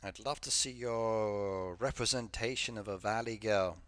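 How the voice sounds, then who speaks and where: A man's voice: lowish voice, unhurried, fairly bright tone, dry recording. A man chatting casually with viewers on a game live stream, rambling from topic to topic and reading comments aloud. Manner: frequent fillers and repeated yeses.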